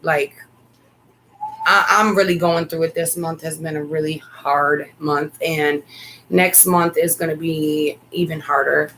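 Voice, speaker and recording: A woman's voice: low voice, steady tone, unhurried, a bit bright, slight background noise, low-quality recording. A middle-aged woman and mother co-hosting a casual talk show, telling a family story with candid asides. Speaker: podcast co-host, mother.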